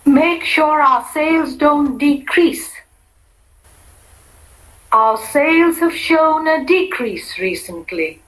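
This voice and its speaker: A woman's voice: sits high, animated, takes it slowly, a bit bright, poor audio. A woman reading example sentences for a language-lab exercise, carefully enunciated.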